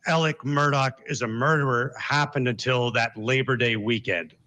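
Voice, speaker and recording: Guy on a panel, bright voice, kinda rambly, restarts a lot. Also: medium pitch. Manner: conversational, rambling, many restarts. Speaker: guest analyst. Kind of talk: panel discussion.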